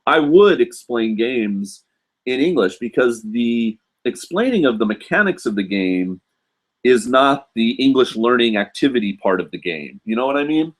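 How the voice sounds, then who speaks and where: A man hosting a casual live Q&A stream as a university English teacher, chatty and animated, leaning on "you know" as he talks. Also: mid-range voice, normal speed. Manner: animated, acts out students and staff in a raised voice. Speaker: host answering viewer questions.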